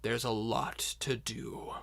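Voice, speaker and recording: A formal male herald making announcements, voiced by a man. He speaks in a measured, unhurried way at a middle pitch. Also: flat delivery, gravelly, a bit bright. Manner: formal, speechmaking delivery.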